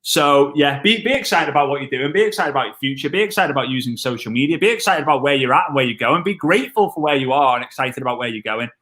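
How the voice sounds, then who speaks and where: Bright, excitable man. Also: mid-range voice, fast talker, few pauses. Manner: excitable, jokey, wordplay. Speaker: network marketing trainer on a live stream. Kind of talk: energetic live-stream chat.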